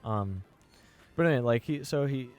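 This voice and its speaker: A man's voice: medium pitch, expressive, moderate pace, a little mellow, smooth. A young man talking casually on a podcast, rambling and full of fillers and restarts. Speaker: podcast host. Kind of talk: casual chat.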